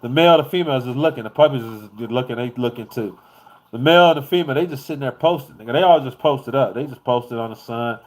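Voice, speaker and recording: A man vlogging in a casual storytelling style, animated and rambling, who swears freely as he tells the story. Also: mid-range voice, quick pace.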